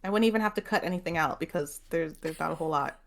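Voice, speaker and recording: A woman's voice: low-pitched, fast talker, creaky. A woman hosting a book club, chatting casually in a loose, hedging way and laughing easily. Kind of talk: casual chat.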